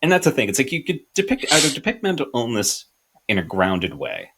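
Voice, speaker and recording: A man's voice: medium pitch, huge pitch swings, brisk, noisy background. A man in casual podcast chat, hesitant and restarting his thoughts as he works out a point.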